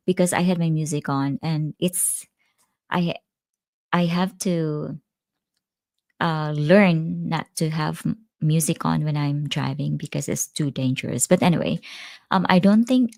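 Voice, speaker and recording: A woman's voice: sits low, mellow, no echo, clean studio sound. A middle-aged woman hosting a casual livestream, chatting and laughing easily as she tells stories and answers viewer comments. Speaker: livestream host. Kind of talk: casual live-stream chat.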